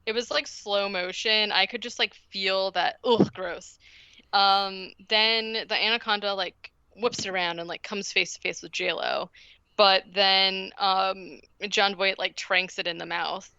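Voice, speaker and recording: Woman podcaster rambling thru a movie recap with lots of likes and ums, bright clear voice, dry and a bit muffled. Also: medium pitch, fairly even intonation, a little slow, no echo. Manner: rambling, filler-heavy, giggly. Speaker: podcast co-host. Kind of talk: casual movie recap chat.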